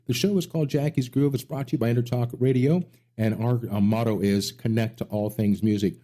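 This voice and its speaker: A man's voice: medium pitch, steady tone, fairly quick, warm tone. Enthusiastic middle-aged male radio host. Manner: enthusiastic, rambling storyteller. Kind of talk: casual interview chat.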